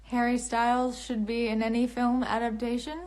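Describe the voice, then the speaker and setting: She's a young livestream host and author whose fairly high voice stays level, at a normal pace with a slightly mellow quality. Chatting over her phone camera, she answers comments in a giggly, wandering style, restarting sentences often.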